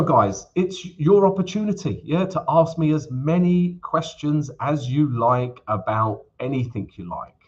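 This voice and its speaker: Male stream host, relaxed chat full of fillers, mid pitch, muffled webcam-mic sound. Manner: chatty, many fillers, addresses viewers as guys. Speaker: forex trading livestream host. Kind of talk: casual live-stream chat. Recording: slightly dull lo-fi stream audio.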